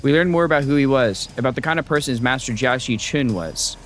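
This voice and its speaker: A man streaming a story game, reading the text aloud and reacting with excitable, swear-filled outbursts. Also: mid-range voice, fast, soft background music. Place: home streaming setup.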